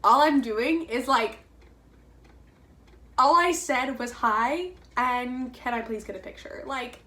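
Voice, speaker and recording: A woman from Houston, Texas, telling an excitable, gushing story to her camera, full of "like"s. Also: a little high, a little slow. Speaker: vlogger. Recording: echoey room.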